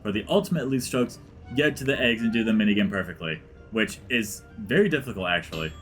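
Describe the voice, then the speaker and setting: Soft music backs this man's animated, slightly fast gameplay chatter. His voice sits on the low side with a fairly bright tone, and as a let's play gamer he rambles, says "like" constantly, and drifts into muttering.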